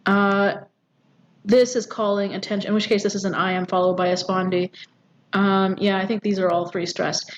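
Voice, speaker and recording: A woman's voice: fairly low pitch, flat delivery, moderate pace. A woman teaching a poetry lesson, explaining step by step with frequent ums and rhetorical questions. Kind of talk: recorded poetry lecture. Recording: dull audio with faint background noise.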